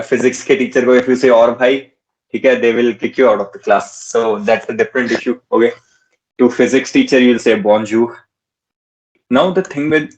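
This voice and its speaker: A man tutoring in a relaxed way, repeating words slowly and mixing in Hindi phrases. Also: medium pitch, low-quality recording. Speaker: French tutor. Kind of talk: casual teaching.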